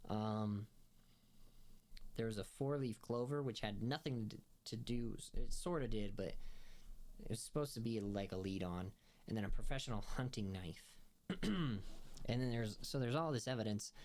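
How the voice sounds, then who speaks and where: A man hosts a film review podcast, recapping episodes in a rambling, casual style full of fillers and restarts, and he laughs while retelling scenes. His voice is lowish and darkish in tone, at normal speed.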